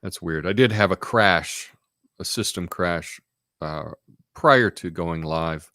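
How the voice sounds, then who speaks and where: A man's voice: deep voice, takes it slowly, bright, forceful tone, dry recording, studio quality. A man hosting a casual live stream, rambling in an offhand way and reading out chat comments.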